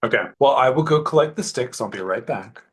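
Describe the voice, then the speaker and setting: A man plays a sly character in a tabletop game, speaking in a measured way. His voice is husky and sits at an ordinary middle pitch. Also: lively intonation. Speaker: player.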